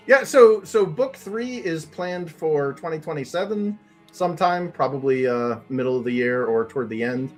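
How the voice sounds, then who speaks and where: A man's voice: fairly high pitch, big pitch swings, measured pace, a little mellow, faint music behind. A man chatting casually as a guest on a podcast, rambling and laughing often. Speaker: guest comic creator.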